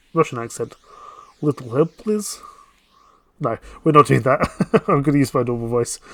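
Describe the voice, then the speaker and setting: A man's voice: a little high, dry recording. A man playing a dating game on stream, reading its narration aloud and dropping playful, jokey asides.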